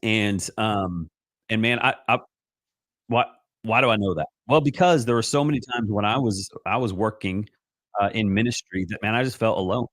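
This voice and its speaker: A man's voice: fairly low pitch, normal speed, a bit bright, dry recording. A man, a Christian life coach giving an earnest, rambling live-stream talk full of restarts and fillers.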